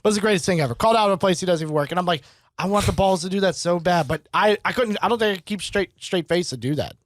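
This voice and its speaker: A man in his twenties co-hosting a podcast, chatting casually and telling animated, profane stories. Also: high-pitched, very fast, dry recording, studio quality. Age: 20s. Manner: animated storyteller, swears freely. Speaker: podcast co-host. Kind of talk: casual chat.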